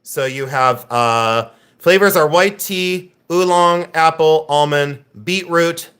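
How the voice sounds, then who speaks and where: Joking, chatty American auction host. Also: male voice, on the high side, slow, a bit bright. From United States. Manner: joking, teasing viewers, rambling. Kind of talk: casual live-stream sales chat.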